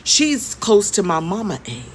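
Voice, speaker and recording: A woman's voice: medium pitch, sing-song, unhurried, slight background noise. A woman in her fifties telling a story in a conversational, emphatic way, often repeating her points. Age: 50s. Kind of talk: storytime vlog.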